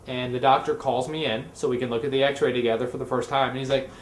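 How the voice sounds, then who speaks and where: A man's voice: mid-range voice, little pitch movement, fast talker, slight background noise. A young man vlogging, telling comedic stories in a rambling way and acting out the other people's voices. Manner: jokey, rambling, acts out voices in his stories. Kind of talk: comedic storytelling vlog. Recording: echoey room.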